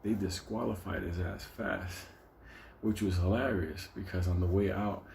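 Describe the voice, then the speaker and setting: Brief: low-voiced man, mellow tone, swearing storyteller who rambles and laughs. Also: moderate pace, creaky, slight background noise. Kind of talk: casual anecdote.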